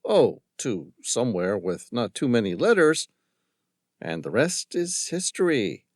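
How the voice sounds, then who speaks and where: Man playing a smug young Southern lawyer, charming drawl, lively, dry close mic. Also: medium pitch, measured pace, no room sound. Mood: cocky. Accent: American Southern. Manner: cocky, smooth-talking.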